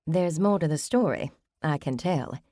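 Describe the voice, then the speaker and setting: A woman's voice: sits low, a little slow, mellow, no room sound, studio quality. A woman doing a reassuring expectant mother. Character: warm pregnant young woman among friends.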